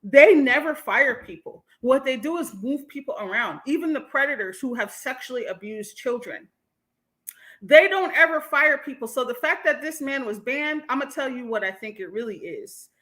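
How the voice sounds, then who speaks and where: A woman with a high, bright voice holds forth on her livestream, answering her chat as she goes. She talks bluntly and heatedly and swears freely. Her tone is sharp and forceful. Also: animated, moderate pace. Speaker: host.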